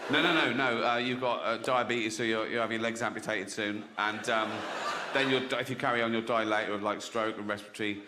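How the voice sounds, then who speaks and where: A deep, blunt doctor reels off bad news in a low, flat, matter-of-fact tone, as a comedian puts him on. It sounds like a live stand-up recording with plenty of background noise. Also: male voice, fast, reverberant, lightly acted. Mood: grim, matter-of-fact. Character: blunt male doctor delivering grim news.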